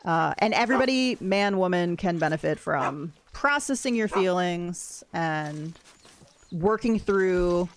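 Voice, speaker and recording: Brief: young woman game streamer, lowish voice, rambling and candid, faint hiss behind. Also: animated, measured pace. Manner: rambling, candid, soft-spoken. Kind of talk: casual livestream chat while gaming.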